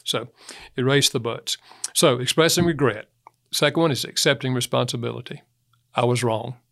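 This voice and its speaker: A man's voice: mid-range voice, moderate pace, gravelly, a bit bright. A man speaking as a guest author in an interview, telling anecdotes, chuckling and acting out quotes. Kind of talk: conversational interview talk.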